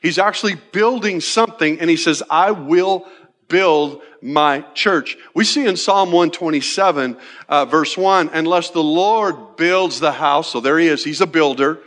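An older man in his sixties with a notably high voice, preaching a sermon. He talks conversationally and keeps checking in with the congregation. His delivery is animated and playful. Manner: conversational, repeats "right?" often. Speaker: pastor.

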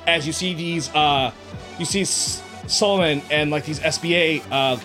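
A man's voice: on the high side, moderate pace, over music. A man narrating a tabletop game as game master, describing scenes in rambling sentences full of "like" and "uh".

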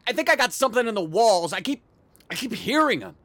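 An actor in an audio drama playing a sleepless, paranoid man obsessed with noises in the walls, swinging between muttering and yelling. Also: very high-pitched, sing-song, quick pace, no echo, exaggerated voice. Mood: anxious. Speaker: actor in a one-man radio play.

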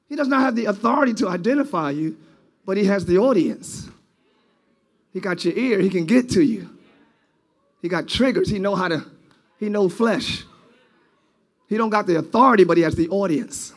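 A male pastor delivers a sermon in a church, his voice sitting unusually high for a man. He swings between ringing, stretched-out shouts and low, almost confiding talk. The delivery is loose and conversational, full of call-and-response. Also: expressive, normal speed, long pauses. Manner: preaching, swings from shouting to quiet intimate talk.

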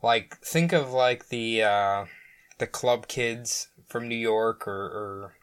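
A man's voice: fairly low pitch, takes it slowly, smooth. Laughing, chatty male podcast host. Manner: laughing, reads out news stories. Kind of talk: casual podcast chat.

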